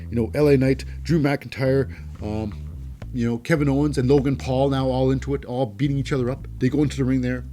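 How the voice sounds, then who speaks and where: A man's voice: mid-range voice, a little mellow. A man hosting a wrestling show, giving a casual, rambling recap with many fillers and restarts.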